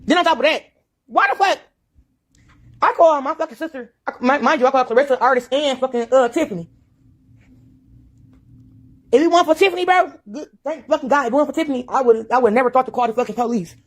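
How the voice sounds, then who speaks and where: This comes from a video clip being played: a woman rages through a profane rant, swearing constantly and repeating herself in agitation. She speaks quickly in a high voice but leaves long pauses.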